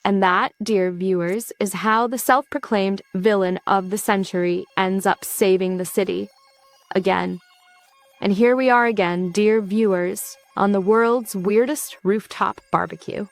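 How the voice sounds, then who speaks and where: A woman narrating a scripted comic recap in a quick, wry storytelling manner. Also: mid-range voice, fairly even intonation, no room sound, soft background music.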